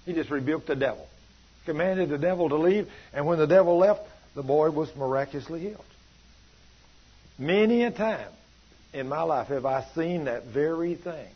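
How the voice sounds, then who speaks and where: A husky-voiced man with a drawl preaches to his congregation, his pitch sitting a little high for a man. His folksy cadence swells and falls away. The recording is dull and lo-fi. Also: normal speed. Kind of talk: sermon.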